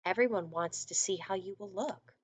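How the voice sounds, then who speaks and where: A woman's voice: mid-range voice, moderate pace, a little mellow, husky, natural voice. A woman voicing a friendly, earnest male frog in a storybook read-aloud, speaking politely and plainly.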